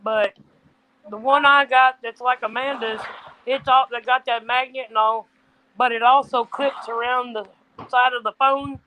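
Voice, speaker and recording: A woman's voice: fairly high pitch, steady tone, a little slow, pushed and bright, slight background noise, low-quality recording. A woman telling a casual story in folksy chat, quoting what people said. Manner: folksy, quotes people in her stories. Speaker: co-host of a trucking livestream.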